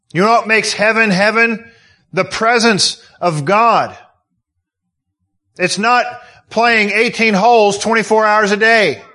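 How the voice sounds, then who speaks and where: A man's voice: high-pitched, pushed and bright. A man preaching a sermon, emotional and full of rhetorical questions. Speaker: pastor.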